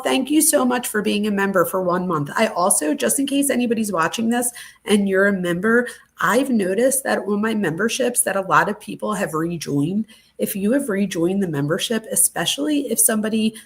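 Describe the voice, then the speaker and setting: A woman hosting a true crime livestream, gushing with thanks to her viewers and moved close to tears. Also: medium pitch. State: teary, close to crying. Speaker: true crime channel host. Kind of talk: casual livestream chat.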